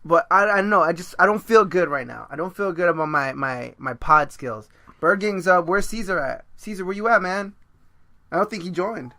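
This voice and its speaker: A man's voice: sits high, expressive, normal speed, bright, forceful tone, dry recording. A man hosting a casual podcast chat, rambling and joking at his own expense. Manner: rambling, joking and self-mocking. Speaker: podcast host.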